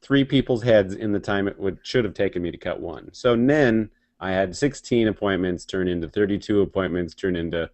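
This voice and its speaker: A man's voice: low-pitched, brisk, few pauses. Laughing man telling barracks stories. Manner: laughing, profane, animated storytelling. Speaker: podcast co-host. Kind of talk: casual storytelling chat.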